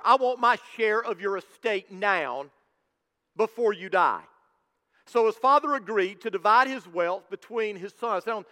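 Guy preaching a sermon, really high bright voice, emphatic, big church echo. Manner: emphatic preaching, rising to shouts at peaks. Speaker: pastor. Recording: long hall reverb.

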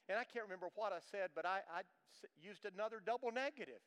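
An older man preaches in a high voice, emphatic and folksy, leaning on homespun stories. His sermon rings out with the long reverb of a large church hall. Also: a little fast, few pauses, fairly bright tone, clear, resonant tone. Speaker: pastor. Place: church sanctuary.

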